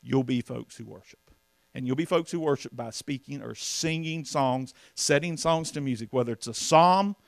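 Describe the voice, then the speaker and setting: Folksy preacher, gravelly voice. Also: male voice, medium pitch, normal speed, dry recording. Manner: folksy, emphatic preaching with rhetorical questions to the congregation. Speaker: pastor. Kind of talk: sermon.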